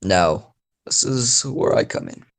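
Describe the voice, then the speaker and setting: A man's voice: deep voice, expressive, takes it slowly, creaky. A young man host rambling through a made-up story in casual chat, swearing and full of fillers. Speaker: channel host.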